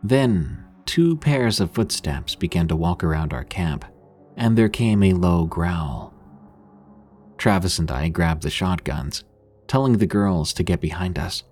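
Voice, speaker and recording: A man narrating a scripted horror story in a husky voice, lifting his voice for the characters' lines. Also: low voice, animated, a little slow, darkish tone, soft background music.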